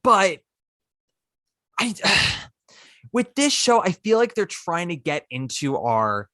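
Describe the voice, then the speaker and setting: A man hosting a podcast, casually recounting a musical's plot with lively asides. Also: high voice, takes it slowly, no room sound, clean studio sound. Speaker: podcast host. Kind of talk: casual chat.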